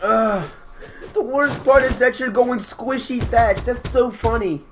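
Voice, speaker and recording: A woman chatting during a game session who keeps breaking into loud, squealing fits of laughter. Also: fairly high pitch, takes it slowly, slight background noise. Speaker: gamer recording a play session. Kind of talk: casual gameplay chat.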